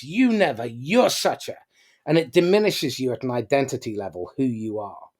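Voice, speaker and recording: A man's voice: mid-range voice, a little mellow. A man speaking as a podcast guest in a casual motivational talk, emphatic, with frequent ums and uhs.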